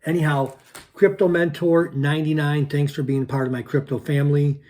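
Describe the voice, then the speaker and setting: A man hosting his own channel, telling a personal story to his viewers in an animated, repetitive way with punchy sound words. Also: fairly high pitch, moderate pace. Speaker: channel host.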